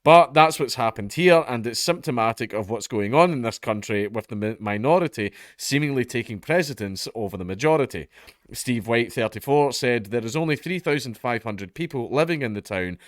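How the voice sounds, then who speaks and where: A Scottish man reads out a news story and mocks it in a casual, sardonic way, swearing freely and laughing at his own jokes. His voice sits at an ordinary middle pitch. The recording is dry and close, with no room sound. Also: expressive, a little fast, no room sound. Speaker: commentary vlogger. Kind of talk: casual comedic news commentary.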